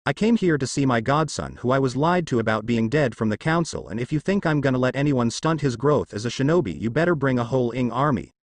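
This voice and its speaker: A man's voice: mid-range voice, lively intonation, quick pace, hardly any pauses, no room sound. A man voicing a fierce, protective older woman ninja who growls and scolds. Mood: furious.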